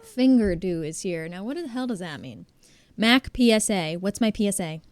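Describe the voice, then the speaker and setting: A woman's voice: mid-range voice, lively intonation, moderate pace. A young woman streamer chatting casually with her viewers while playing a building game, swearing freely and making fun of herself. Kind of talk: casual live-stream chat while gaming.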